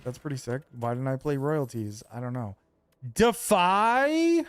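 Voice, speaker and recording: A man's voice: mid-range voice, fairly quick, no room sound, soft background music. A man streaming a video game, chatting casually with his viewers in a loose, rambling way full of fillers. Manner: rambling, relaxed, lots of fillers.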